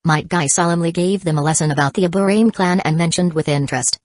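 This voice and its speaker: A woman narrating a novel as an audiobook in an even, steady reading manner. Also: lowish voice, fast talker, hardly any pauses, no echo.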